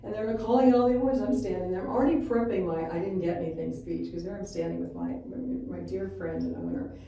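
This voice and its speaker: Fast-talking woman with a dark voice. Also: medium pitch, dull audio. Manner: fast, lively storyteller who acts out dialogue. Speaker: spa executive guest. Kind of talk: conversational interview, storytelling. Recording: echoey room, mic far off, faint noise.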